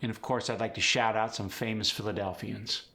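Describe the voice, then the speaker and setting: Man, accent coach, tutorial, bright voice, clear and instructive. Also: fairly low pitch, fairly even intonation, a little fast. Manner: clear, instructive, demonstrates sounds.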